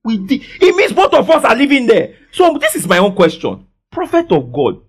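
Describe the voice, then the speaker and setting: A man preaching a sermon, calling for responses from the congregation and swinging between soft asides and loud declarations. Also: very high voice, wildly swooping pitch, moderate pace. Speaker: pastor.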